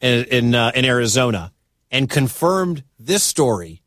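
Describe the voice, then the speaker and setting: A man from the American Midwest hosting a sports talk radio show, talking in an animated, incredulous, conversational way. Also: medium pitch, unhurried, no echo, clean studio sound.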